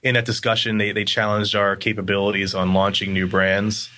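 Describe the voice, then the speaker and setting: A man in a casual interview, telling stories in a rambling, animated way with lots of fillers. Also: on the low side, a little fast. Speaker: agency guest.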